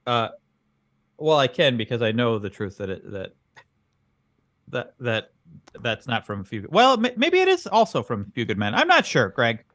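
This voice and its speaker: A man's voice: medium pitch, very animated, moderate pace, pauses often, a bit bright, dry recording, studio quality. A man co-hosting a comedy podcast as the bemused straight man, asking puzzled questions. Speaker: podcast co-host. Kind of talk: improvised comedy chat.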